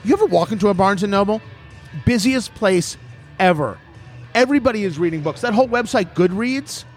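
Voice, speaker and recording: Male host, rambling and self-amused, a little high-pitched, faint music bed. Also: expressive, a little fast. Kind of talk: casual panel chat.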